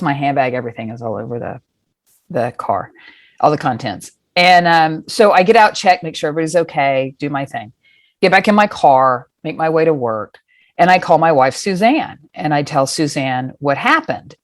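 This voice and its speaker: A middle-aged woman with a low voice tells a personal story in a casual, animated way. She acts out the scenes and swears freely. The sound is dry and close. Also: dry recording. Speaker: guest.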